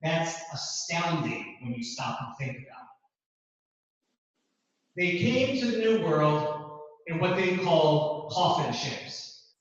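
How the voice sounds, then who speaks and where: A man giving a classroom lecture with a measured, deliberate delivery and emphatic repeats. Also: on the high side, lively intonation. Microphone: distant room mic, also streamed to Zoom. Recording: distant, echoey, dull hall recording.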